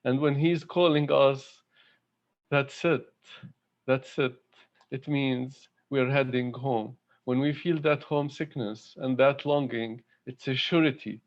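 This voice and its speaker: A man giving a devotional talk at an online spiritual gathering, speaking in a halting, heartfelt way with many pauses and fillers. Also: mid-range voice, steady tone, lo-fi sound. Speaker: satsang speaker. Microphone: video call.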